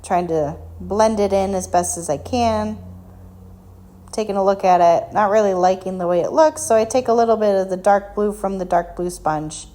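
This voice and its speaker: A woman's voice: medium pitch, normal speed, warm tone. Chatty woman narrating a craft tutorial. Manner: chatty and self-deprecating, with frequent ums. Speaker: craft shop tutorial host. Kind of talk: casual voice-over craft tutorial.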